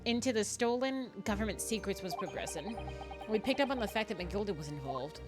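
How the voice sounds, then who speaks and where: A woman reading aloud the part of a remorseful man confessing a crime, in a measured, lightly dramatic reading voice. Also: mid-range voice, expressive, natural voice. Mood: solemn. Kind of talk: reading game text aloud. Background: game music.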